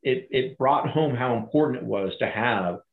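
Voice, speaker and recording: A middle-aged man retelling a crisis story in an interview, animated and acting out the voices of others. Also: medium pitch, normal speed. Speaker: guest, former bank crisis manager. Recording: echoey, phone-like audio.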